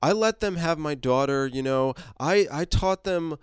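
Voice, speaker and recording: A man's voice: fairly low pitch, measured pace, clear, resonant tone, no echo, clean studio sound, close to an everyday voice. A man reading a cold female tribal leader. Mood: grieving. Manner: stern, fatalistic pronouncements.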